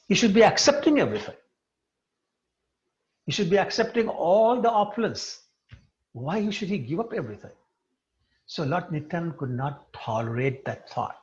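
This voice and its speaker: A man giving a devotional lecture, retelling a sacred story and putting questions to his listeners. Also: fairly high pitch. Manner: animated storyteller who poses questions to the listeners. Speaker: religious teacher. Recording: dull lo-fi recording.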